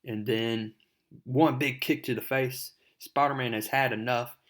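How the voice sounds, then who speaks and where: A man's voice: mid-range voice, fairly even intonation, a little slow, fairly bright tone. Casting note: an easygoing man recapping a comic, chatty and filler-heavy. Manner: rambling, filler-heavy retelling. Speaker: comic book reviewer.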